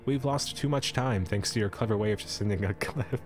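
A man's voice: fairly low pitch, brisk, soft background music, lightly acted. A man voicing a small, bossy pseudo-dragon who scolds and frets nervously. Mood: scolding. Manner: scolding, impatient.

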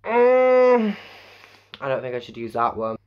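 A man's voice: level tone, fast talker, clean tone, muffled recording. A young man from Yorkshire with a Yorkshire accent, chatting casually and going off on tangents in a home makeup vlog. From Yorkshire, England. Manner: chatty and tangential, with sudden high exclamations. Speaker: vlogger. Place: home bedroom.

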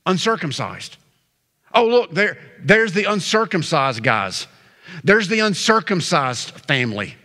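A man preaching a sermon as pastor, emphatic, slowing down and pausing on key words. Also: a little high, pushed and bright. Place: church sanctuary. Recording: church sanctuary reverb.

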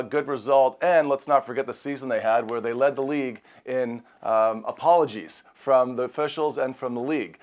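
A man talking eagerly as a hockey analyst, a little out of breath, in excited direct-to-camera commentary. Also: mid-range voice, moderate pace, few pauses. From Canada. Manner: eager, emphatic.

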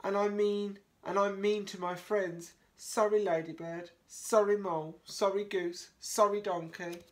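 A man's voice: takes it slowly, lightly acted. A man doing a boastful, whiny storybook dog. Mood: tearful. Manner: bragging, then high and tearful. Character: boastful young male dog, show-off turned remorseful.

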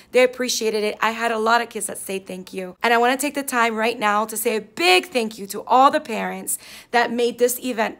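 A woman teacher with a raspy voice in a casual vlog, upbeat as she walks through her classroom lessons and materials. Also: a little high, a bit bright. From South Florida. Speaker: fourth grade teacher.

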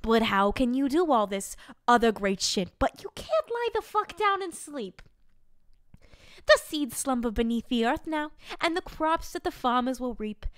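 A woman voicing an exasperated adult who loudly reads a cursing bedtime story in a mock-stern way. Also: high-pitched, big pitch swings, measured pace, dry recording. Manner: loud, mock-stern reading aloud. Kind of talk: comic bedtime story reading.

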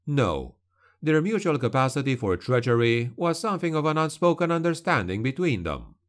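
A man narrating a dark fantasy audiobook in a measured, grave manner. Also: mid-range voice, very animated.

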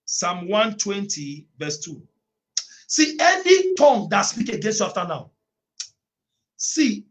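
A man's high voice carries through an online prayer meeting as he preaches. He reads scripture with force, circles back over the same phrases, and bursts into long shouts.

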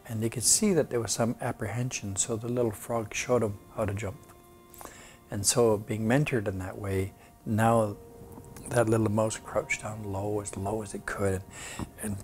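A man telling a traditional folk tale aloud, unhurried, often dropping to a whisper, with halting restarts. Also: fairly low pitch, steady tone, a little mellow, soft background music. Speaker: storyteller.

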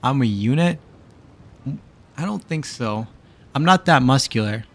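A man's voice: medium pitch, animated, measured pace. A man streaming live, chatting casually and teasing back and forth with his viewers. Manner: bantering with chat, teasing and exasperated.

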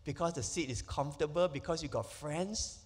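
A Malaysian pastor preaches an emphatic sermon packed with rhetorical questions in a church sanctuary. His voice is on the high side and fairly quick, and the hall adds a long reverb.

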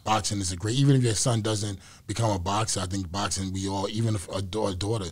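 A man's voice: on the low side, steady tone, quick pace. A middle-aged man from New York with a New York accent, talking in a loose, reflective way as an interview guest. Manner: reflective, loose, repeats phrases. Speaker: interview guest, former boxer. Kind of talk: casual interview talk.

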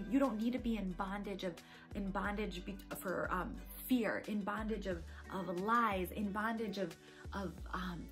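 A woman giving a casual devotional message at home, speaking earnestly and conversationally and repeating key phrases for emphasis. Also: medium pitch. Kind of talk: casual devotional encouragement talk.

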